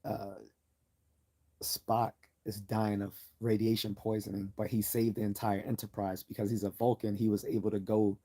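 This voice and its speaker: A man's voice: fairly low pitch, dark tone. A man hosting a livestream, talking in an earnest, enthusiastic way that rambles with frequent restarts. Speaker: livestream host. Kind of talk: casual livestream commentary.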